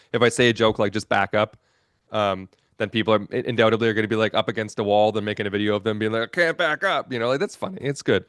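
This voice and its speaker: A man's voice: lowish voice, fairly bright tone, clean tone, no echo, studio quality. A man in a casual online panel chat about cameras, rambling through his point and laughing at his own stories.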